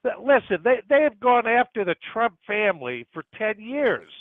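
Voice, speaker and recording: A man's voice: high voice, big pitch swings, normal speed, no room sound. An older man calling into a stream, insisting on his point and talking over the host. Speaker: caller. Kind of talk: heated phone debate. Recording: tinny dry phone line.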